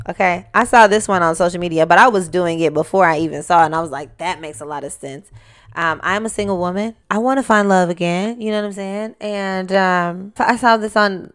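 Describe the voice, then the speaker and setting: Brief: young woman, solo podcast host, animated and chatty, mid pitch, talks right to the listener. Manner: animated, talks to listener directly, sings snippets. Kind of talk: casual solo podcast talk.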